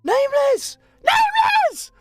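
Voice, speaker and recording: A man voicing a crowd of excitable young foster children, squeaky and shrill, gasping and shouting with glee. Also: slow, slightly rough, no echo, faint music behind, heavily acted. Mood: gleeful.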